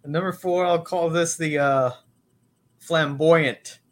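Guy on a podcast cracking jokes, bright tense voice, slow and bouncy. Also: medium pitch, big pitch swings. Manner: joking, hesitant with fillers, laughs. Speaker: podcast co-host. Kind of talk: casual comedic chat.

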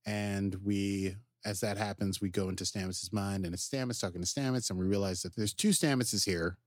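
Speaking at a normal pace, this fairly low-voiced man co-hosts a podcast and casually walks through a TV episode, bursting into character impressions and jumping high in pitch whenever the story turns. His sound is close and dry, free of any echo or room tone.

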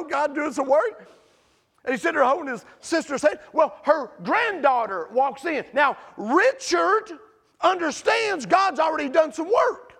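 Gravelly, high-voiced preacher man. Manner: animated storytelling, rising to shouts. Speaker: pastor. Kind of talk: sermon.

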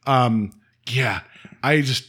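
Guy on a podcast, bright voice, rambly, lots of ums and likes, laughs a lot. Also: medium pitch, husky. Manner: rambling, filler-heavy, quick to laugh, slips into mock voices. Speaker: podcast co-host. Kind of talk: casual chat reviewing a TV episode.

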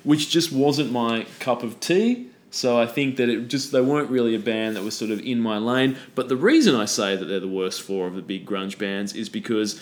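A man's voice: mid-range voice, moderate pace, few pauses. A man in casual podcast chat, talking bluntly and with plenty of swearing. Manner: blunt, profane, opinionated.

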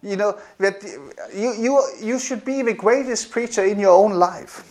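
Male preacher, high voice, animated delivery, frequent laughs and repeated phrases. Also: a little slow. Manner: animated, repetitive, laughs often. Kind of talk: sermon.

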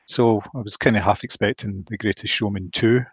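A man co-hosting a podcast, talking about films in a measured, agreeable way. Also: fairly low pitch, fairly even intonation, husky, no room sound. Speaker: podcast co-host. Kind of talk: casual film chat.

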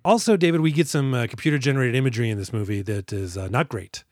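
A man's voice: mid-range voice, fast, a little mellow, dry recording. A man co-hosting a film podcast in a loose, rambling way, trailing off and restarting his thoughts. He sits close to the mic in a dry, dead room. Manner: rambling, self-interrupting, quotes characters in mock voices. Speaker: podcast co-host. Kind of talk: casual movie discussion.

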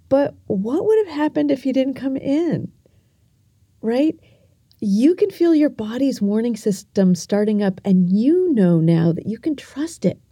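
A middle-aged woman hosting a podcast who tells a story and teaches kids in an earnest, gentle way, speaking directly to the listener. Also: high voice, breathy edge, no echo, clean studio sound. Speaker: podcast host.

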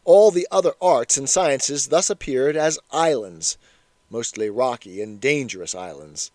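A man reading a memoir aloud in a measured, wry storytelling manner. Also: mid-range voice, animated, darkish tone, dry recording. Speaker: reader. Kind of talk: scripted memoir narration.

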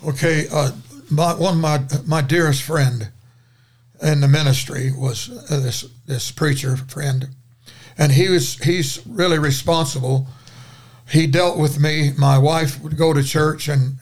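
A man's voice: on the high side, fairly even intonation, measured pace. An older man, a guest preacher, telling a dramatic story in a folksy, rambling way during a podcast conversation.

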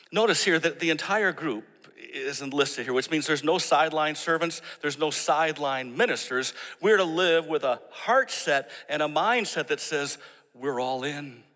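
A man preaching a sermon, telling a story and acting out the people in it with animated emphasis. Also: fairly high pitch, normal speed, in a large hall. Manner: storytelling, animated when quoting others. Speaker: pastor.

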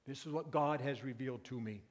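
A male pastor preaching a sermon, moving from quiet, intimate passages to loud, emphatic peaks. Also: mid-range voice, fairly quick. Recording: long reverb of a church hall.

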